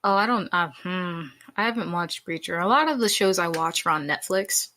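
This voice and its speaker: A woman's voice: lowish voice, animated, moderate pace, sharp tone, a little hiss or hum. A woman co-hosting a podcast in casual chat, talking in a chatty, hesitant way.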